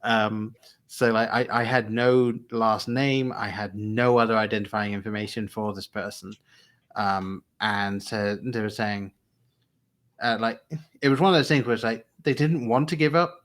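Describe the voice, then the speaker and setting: A man's voice: fairly low pitch, fairly even intonation, normal speed, a bit bright. A man with an English accent, co-hosting a podcast and telling a story in casual chat, laughing often as he talks. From England. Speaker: podcast co-host.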